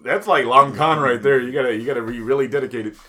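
A man's voice: mid-range voice, quick pace, bright, forceful tone. A man co-hosting a casual podcast chat, chiming in with crude jokes and banter.

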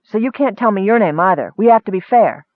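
A man voicing an excitable, naive young male kender who rambles on eagerly. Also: high-pitched, a little fast, dry recording, pitched above the performer's own voice. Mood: excited. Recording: tinny phone-like sound.

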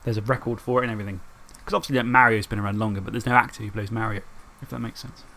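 A man's voice: on the low side, steady tone, racing, gravelly, sharp tone. A man co-hosting a podcast, chatting casually and rambling, often laughing. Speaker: podcast co-host. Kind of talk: casual chat about tabletop and video games.

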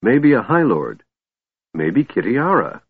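A man voicing an excitable young male kender with a shrill, chattering voice, reading a storybook. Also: breathy edge, no echo, exaggerated voice. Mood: uneasy. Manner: babbling, quick to excitement. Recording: tinny phone-like sound, dry.

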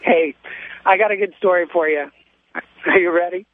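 A man's voice: high-pitched, normal speed, no room sound. A man calling in to a radio show, telling a long story with many ums and restarts over a phone line. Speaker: caller. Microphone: telephone.

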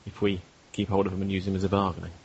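A man's voice: low voice, little pitch movement, racing, darkish tone, muffled recording, a little hiss or hum. A man speaking persuasively and hesitantly, playing his character in a tabletop role-play game. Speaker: player.

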